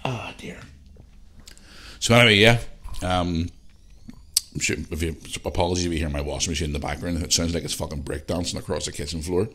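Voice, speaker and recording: A man's voice: low voice, quick pace, slight background noise. A man with a Northern Irish accent hosting a casual solo podcast from his living room, telling stories with plenty of swearing and fillers. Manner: swears freely, animated anecdotes with lots of fillers. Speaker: podcast host.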